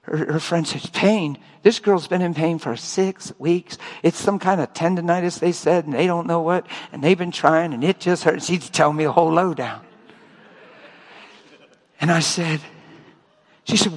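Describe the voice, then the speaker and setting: An older man preaching a sermon, telling stories and acting out both sides of conversations with lively, emotional delivery. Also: on the high side, moderate pace, in a large hall. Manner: animated storytelling, acting out dialogue.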